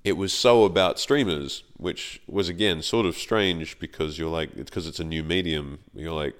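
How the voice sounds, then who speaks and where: Deep-voiced and speaking at a moderate pace with few pauses, an Australian man appears as an actor guest in a casual podcast chat. He tends to ramble and be self-deprecating, and he acts out quoted voices as he tells his stories.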